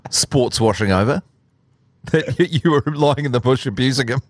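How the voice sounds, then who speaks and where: A man's voice: medium pitch, expressive, normal speed, no room sound. A man with a New Zealand accent, a radio host teasing his co-host in casual banter. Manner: teasing, mock-scolding.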